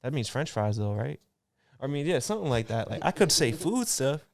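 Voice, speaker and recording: A man's voice: mid-range voice, big pitch swings, brisk, gravelly, no room sound. A man in his twenties chatting casually as a podcast guest, laid-back and rambling with lots of fillers. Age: 20s. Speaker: podcast guest, clothing designer. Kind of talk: casual chat.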